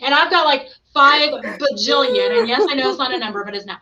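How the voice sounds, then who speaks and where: A woman host in casual podcast chat, animated, laughing often and acting out what others said. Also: high voice, very fast, muffled recording, a crowd in the background.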